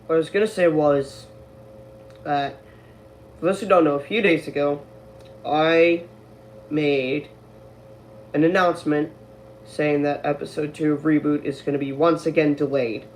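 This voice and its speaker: A woman's voice: low-pitched, steady tone, measured pace, pauses often, darkish tone, a little hiss or hum. A woman streaming at home, ranting angrily about her own delayed series, swearing often and stumbling over restarts. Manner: profane, exasperated, stammering restarts. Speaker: creator of an online animated series, streaming. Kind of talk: angry live-stream rant.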